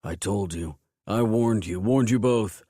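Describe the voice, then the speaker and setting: A man voicing a volatile, violent biker who yells and growls. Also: on the low side, a little slow, no room sound, clean studio sound. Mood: enraged. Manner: growling, yelling, snarling.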